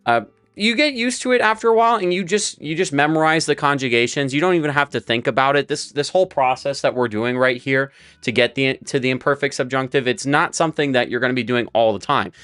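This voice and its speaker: A man's voice: medium pitch, fast talker, fairly bright tone, smooth. A young man teaching a live Spanish lesson, explaining verb forms step by step while writing on a board. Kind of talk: live-streamed language lesson.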